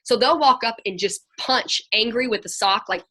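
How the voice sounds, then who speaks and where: A woman counselor talking to a group over a video call, telling lively stories and acting out what children said. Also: a little high, normal speed. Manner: animated storyteller, acts out children's voices.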